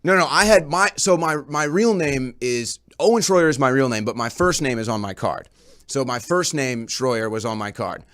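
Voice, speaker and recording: A man's voice: medium pitch, animated, moderate pace, fairly bright tone. Rambling man telling stories on air. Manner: rambling storytelling, repeated words. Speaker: show reporter. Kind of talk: casual on-air recounting.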